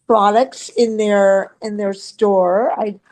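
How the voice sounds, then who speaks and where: A woman guest with a Chicago accent, talking unhurriedly and pausing to search for words. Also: medium pitch, steady tone, a little mellow. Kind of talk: casual interview talk.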